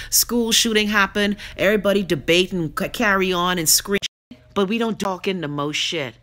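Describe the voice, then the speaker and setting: With a mid-range, fairly bright voice, a Bahamian woman livestreams her web show, going through viewer comments and cursing her way through a blunt rant.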